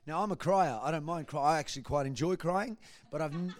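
A man giving a church testimony, telling his story in a lively way and acting out what people said. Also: a little high, brisk. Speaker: guest speaker giving testimony.

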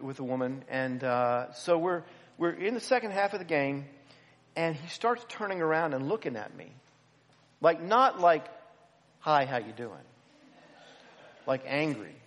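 A man, a pastor, telling a self-deprecating story in an animated, humorous way. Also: fairly high pitch. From United States. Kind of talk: storytelling sermon. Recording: long hall reverb.

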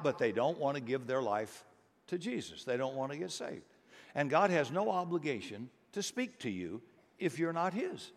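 A middle-aged man preaching a sermon as pastor, earnest and rising to emphatic bursts. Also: fairly high pitch. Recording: long hall reverb.

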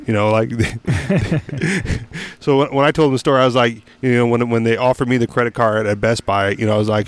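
A man's voice: medium pitch, brisk. A man hosting a casual podcast chat, telling a rambling story full of fillers and restarts, with casual swearing. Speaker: podcast host.

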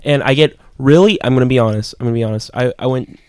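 A man co-hosting a podcast, rambling through absurd comedic bits with animated voices. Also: mid-range voice, fast talker, clean tone, dry recording. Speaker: podcast co-host. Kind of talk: comedic riffing chat.

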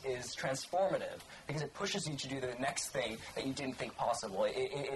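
A man's voice: mid-range voice, a little hiss or hum, poor audio. A young man, an organizer and co-author, speaking earnestly at a public talk, often restarting and saying "frankly". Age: young adult. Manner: earnest, repeats frankly and you know, stumbles.

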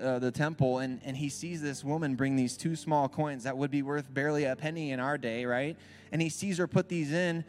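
A man's voice: medium pitch, a little mellow. A man preaching a sermon in a church, speaking in a casual, conversational way and often checking in with the crowd.

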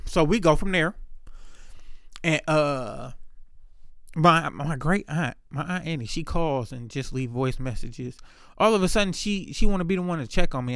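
Man, slightly high voice, casual profane storytelling, dry close sound. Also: dry recording. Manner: candid, profane storytelling with many fillers. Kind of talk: casual monologue.

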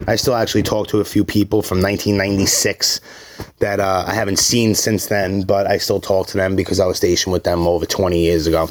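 A man's voice: on the low side, a little hiss or hum. A man, telling his life story in blunt, profane, rambling casual talk. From Brooklyn, New York.

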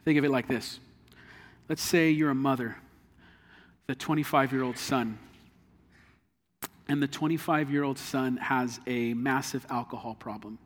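A man's voice: mid-range voice, measured pace, pauses often, in a large hall. A man preaching a sermon in an earnest, conversational way, drawing on everyday illustrations. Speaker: pastor.

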